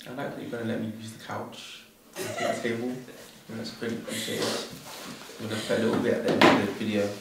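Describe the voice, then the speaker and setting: A man's voice: on the low side, level tone, fast talker, heavy background noise. Sex: man. Sound: distant, echoey room. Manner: joking, rambling. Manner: joking, rambling, with many fillers. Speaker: son speaking in a family tribute. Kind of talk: casual family chat.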